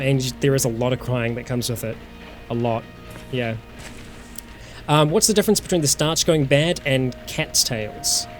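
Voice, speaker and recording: A man from New Zealand with a New Zealand accent, casually commenting as he plays a survival game, thinking aloud and greeting viewers in chat. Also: a little high. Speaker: let's-play host. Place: warm room at home.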